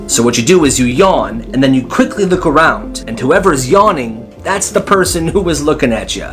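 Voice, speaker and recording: A man narrating comedic storytimes in a playful manner, jumping into character voices for skits. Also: medium pitch. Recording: over loud background music.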